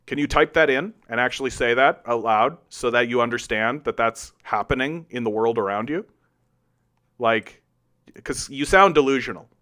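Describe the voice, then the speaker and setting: A man's voice: mid-range voice, moderate pace, pushed and bright. Guy ranting on his own politics stream, sarcastic and swearing, hitting back at chat. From Canada. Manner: combative, sarcastic, profane. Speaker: political commentary host. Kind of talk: heated solo commentary answering chat.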